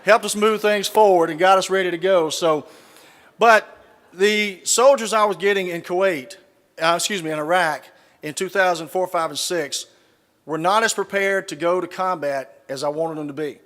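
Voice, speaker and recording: A man's voice: high-pitched, moderate pace, fairly bright tone. A middle-aged man with a Southern US accent telling folksy stories with dry punchlines to a live audience. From Southern United States. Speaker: keynote speaker. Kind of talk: speech with humorous anecdotes. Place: large conference hall, live audience. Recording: reverberant hall.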